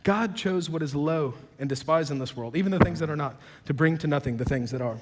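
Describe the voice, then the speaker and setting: A man with a high-pitched voice delivers a sermon, emphatic and swinging between quiet low passages and loud raised ones. He throws in sarcastic, joking asides. His voice carries a long reverb, as if he is in a large church auditorium. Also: a little fast. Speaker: pastor. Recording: long reverb of a big hall.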